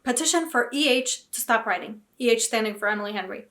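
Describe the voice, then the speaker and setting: Animated young woman reacting to reviews. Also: a little high, fast, few pauses. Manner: animated, indignant, dramatic exclamations. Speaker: book vlogger. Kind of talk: casual reaction vlog.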